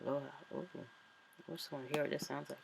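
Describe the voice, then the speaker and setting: A woman's voice: sits low, little pitch movement, very fast, creaky, over loud music. A woman author chatting casually and thinking aloud as she walks through a screen-recorded tutorial. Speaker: author and vlogger.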